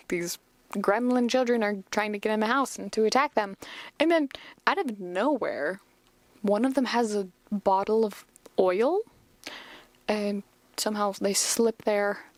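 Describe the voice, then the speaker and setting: Young woman podcaster, rambly casual recap, gravelly fry, dry close mic. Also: mid-range voice, moderate pace, no room sound. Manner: rambling, lots of fillers, chatty. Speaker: podcast host.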